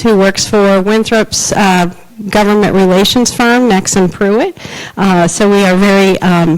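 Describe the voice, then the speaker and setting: Woman, forum host, formal scripted introduction, smooth clear voice. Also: mid-range voice, low-quality recording. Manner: formal, reads from prepared remarks.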